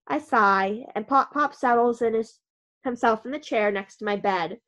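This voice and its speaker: A woman's voice: fairly high pitch, measured pace, fairly bright tone. A woman reading a first-person storybook aloud in a wry, dry manner. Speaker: audiobook narrator.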